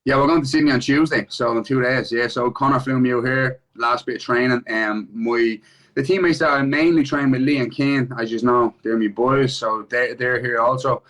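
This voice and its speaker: An Irish-accented MMA fighter, a man with a mid-range, fairly bright voice, chats casually in an interview at normal speed with fairly even intonation. The audio is poor, and he swears freely, repeating "do you know what I mean" between thoughts.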